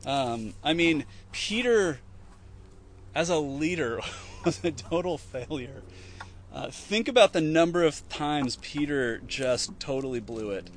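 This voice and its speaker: A man's voice: fairly high pitch, animated, slow pace, a little hiss or hum. A man giving an informal teaching talk, conversational, with many fillers and restarts, acting out quoted lines as he retells scenes. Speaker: Christian teacher.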